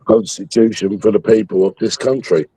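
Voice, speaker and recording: A man's voice: on the low side, steady tone, normal speed, dark tone, slightly rough, no echo, low-quality recording. A man hosting a livestream, ranting angrily with heavy swearing about politics. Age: 60s. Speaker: livestream host. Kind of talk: heated political chat.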